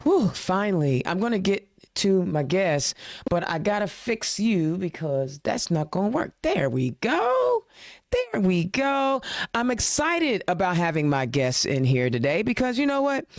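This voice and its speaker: A woman's voice: fairly low pitch, big pitch swings, moderate pace, no room sound. Fired-up woman host ranting, dry sound. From Indiana. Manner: emphatic, exasperated, with rhetorical questions and casual slang. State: a little choked up. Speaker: podcast host. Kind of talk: impassioned political rant and show hosting.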